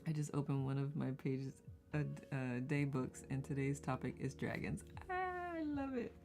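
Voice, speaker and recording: A chatty woman hosts a casual live stream, reading out comments with frequent laughs and rambling asides. Her voice is gravelly and dark in tone, with soft music playing faintly behind her. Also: rumbling low, flat delivery, normal speed. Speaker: host of a live community circle.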